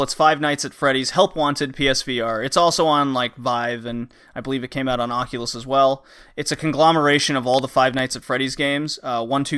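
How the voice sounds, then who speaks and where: A man's voice: medium pitch, bright, forceful tone, smooth. A man hosting a casual game podcast, rambling with many fillers as he reviews recent releases. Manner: rambling, frequent uh and um, acts out game lines. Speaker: podcast host.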